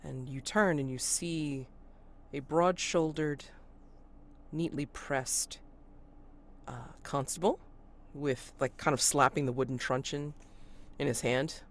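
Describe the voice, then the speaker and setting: Gm narrating a tabletop game, lots of ums and likes, mid pitch. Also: steady tone, takes it slowly, pauses often. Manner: hesitant, filler-heavy narration. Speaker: game master.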